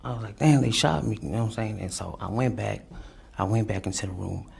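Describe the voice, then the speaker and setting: A man giving courtroom testimony, halting and repeating his words, often adding "you know what I'm saying". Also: fairly low pitch, fairly even intonation, vocal fry, darkish tone, breathy edge. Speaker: defendant testifying.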